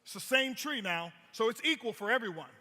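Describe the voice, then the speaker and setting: Pitched extremely high, this man's sharp, brisk voice swings with lively intonation as he pitches network marketing from a motivational stage. Stories, rhetorical questions, and punchy repeated lines fill the talk, which rings with the long reverb of a hall.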